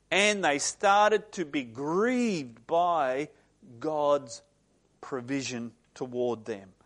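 A middle-aged man preaching a sermon, slow and earnest, with sudden emphatic swells. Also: a little high, a bit bright. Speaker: pastor.

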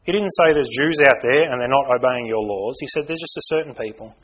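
A man's voice: a little fast, breathy edge, rough recording. Earnest man preaching a sermon. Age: young adult to middle-aged. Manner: earnest, rises to loud emphasis then drops low.

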